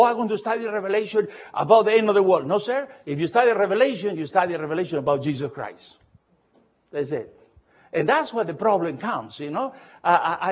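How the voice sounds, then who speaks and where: A man leading a Bible study lecture, speaking earnestly with halting restarts and often asking the listeners whether they follow. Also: high voice, husky, dull audio. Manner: earnest, halting, often checks understanding with questions; spells out Greek letters slowly.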